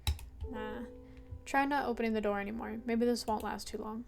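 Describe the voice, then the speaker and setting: Jumpy woman streamer with a high voice, reading game lines aloud between nervous laughs. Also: fairly even intonation, brisk, creaky, darkish tone, faint music behind. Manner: reads on-screen game text aloud, breaking into nervous laughter. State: anxious and jumpy. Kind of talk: horror game let's play. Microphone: headphones with mic.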